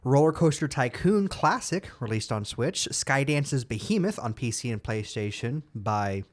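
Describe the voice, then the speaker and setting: A man co-hosting a podcast, chatting casually and reading game release blurbs quickly, tripping over words now and then. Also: mid-range voice, lively intonation. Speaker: podcast co-host.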